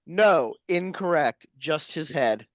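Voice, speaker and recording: Deadpan rambling podcast co-host, dry mic. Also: medium pitch, takes it slowly, no room sound. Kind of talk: casual comedic chat.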